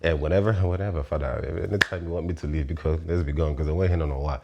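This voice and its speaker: Man in his 30s, very deep voice, casual philosophical monologue, frequent laughs, blunt swearing, lively delivery. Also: fast, gravelly, dull audio, noisy background. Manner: animated, laughs often, swears freely. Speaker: show host.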